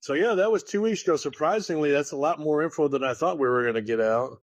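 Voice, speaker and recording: A man co-hosting a poker podcast in casual chat, telling stories in an animated way and swearing freely. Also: a little high, fast, no room sound. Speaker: podcast co-host.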